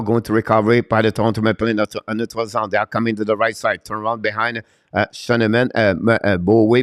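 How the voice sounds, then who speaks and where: A man hosts a live-stream hockey play-by-play, rattling off rapid commentary in broken non-native English full of "uh" fillers. He suddenly jumps to excited shouting on scoring chances, his fairly low voice captured in clean studio quality with no room sound.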